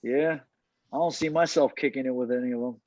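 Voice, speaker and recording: A man talks from his car as an interview guest, animated and laughing often, often repeating his words. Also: medium pitch, a little fast, no echo. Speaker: cigar brand founder, guest. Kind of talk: casual interview chat. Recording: dull dry remote call audio.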